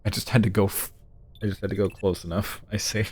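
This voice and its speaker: A man's voice: on the low side, flat delivery, fast talker, a little mellow, breathy edge. A man streaming a video game, chatting casually and thinking aloud as he plays. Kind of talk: casual gameplay commentary.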